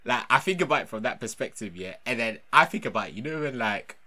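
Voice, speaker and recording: A man's voice: mid-range voice, animated, quick pace, pushed and bright. A young man, in casual chat, teasing and laughing. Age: young adult.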